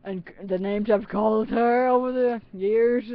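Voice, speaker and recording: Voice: medium pitch, steady tone, unhurried, phone-quality sound. A teenager talking casually into a webcam on their own channel, rambling and giggling with plenty of self-mocking asides. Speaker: channel host.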